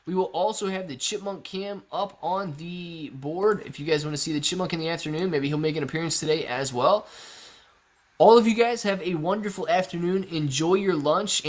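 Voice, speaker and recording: A man with a fairly high voice hosts a live stream. He talks with lively energy and rattles off shout-outs to viewers in the chat one after another.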